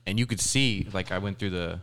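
A young man chats on a podcast at a quick clip, tumbling through loose, slangy, swear-laden talk. His voice sits low and gravelly. A faint hiss runs under it. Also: a bit bright. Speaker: podcast guest. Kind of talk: casual podcast chat.

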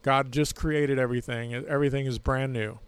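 A man's voice: medium pitch, steady tone, normal speed, clear, resonant tone, no room sound. A man hosting a podcast, talking casually with many fillers and a self-mocking humor, then leading a Bible study. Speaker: podcast host.

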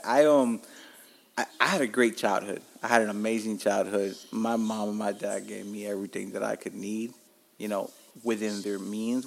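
A man in his forties with a Miami accent, hosting a podcast and telling stories in a rambling, profane, frank way. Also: lowish voice. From Miami, Florida. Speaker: podcast host. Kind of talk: casual storytelling monologue.

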